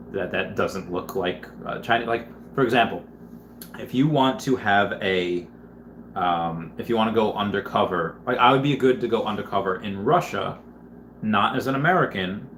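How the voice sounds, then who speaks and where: A man's voice: mid-range voice, slight background noise. Rambling man in an echoey room. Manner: rambling, with many fillers and restarts. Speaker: livestreamer reading viewer comments. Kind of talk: casual livestream chat. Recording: roomy echo.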